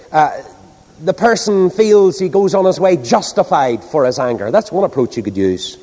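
Animated male preacher in an echoing hall. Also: fairly high pitch, moderate pace. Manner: animated, rhetorical questions to the congregation. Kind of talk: sermon. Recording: long hall reverb.

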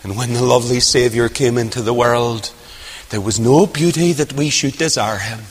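A man preaching a dramatic sermon, swinging from loud rising questions to hushed near-whispers. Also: medium pitch, normal speed, husky. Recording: long hall reverb.

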